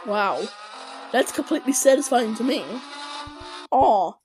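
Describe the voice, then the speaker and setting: A young woman reacting to videos with excited commentary that breaks into shouts and shrieks. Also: a little high, measured pace. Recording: loud background noise.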